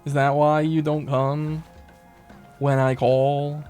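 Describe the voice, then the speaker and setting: A man's voice: a little high, flat delivery, slow pace, a little mellow. A man streaming a game, chatting casually, swearing a lot and talking to the characters on screen, with faint game music behind. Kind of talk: casual gameplay commentary.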